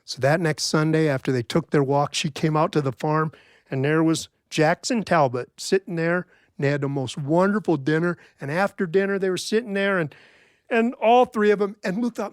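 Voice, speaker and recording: A man's voice: high-pitched, brisk, dry recording, studio quality. Wry folksy male storyteller. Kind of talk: told folk-tale storytelling.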